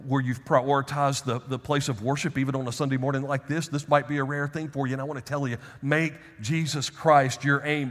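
A man preaching a sermon as pastor, emphatic, slowing down to stress key phrases. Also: a little high, sharp tone, big-room sound.

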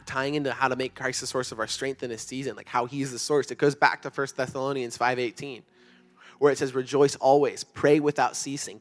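Earnest young man preaching to students. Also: mid-range voice. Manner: earnest, conversational preaching with many fillers. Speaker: youth pastor. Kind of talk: sermon to students. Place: church youth room.

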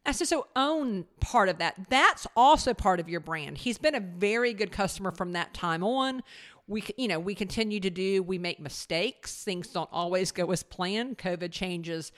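A woman who owns a company, telling a business story in casual conversation, animated and full of restarts. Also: mid-range voice. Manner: animated, many restarts and acted quotes. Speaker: podcast guest, business owner.

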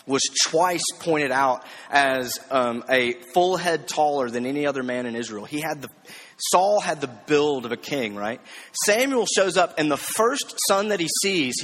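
A man's voice: fairly high pitch, a bit bright, long reverb tail. A man preaching a conversational sermon, often checking in with rhetorical questions and slipping in light self-deprecating jokes. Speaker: preacher teaching a series.

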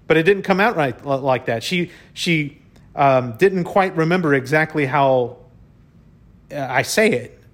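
Speaking a little slowly in a higher-leaning voice, a man relates a personal experience in relaxed monologue form. He gets worked up, often fumbles and says words twice, and peppers his talk with "y'all" and mild curses.

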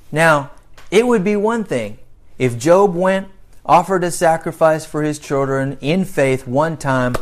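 Slow, emphatic preacher man. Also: a little high. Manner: emphatic, drawn-out phrasing with dramatic pauses; reads scripture aloud in a raised voice. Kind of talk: sermon.

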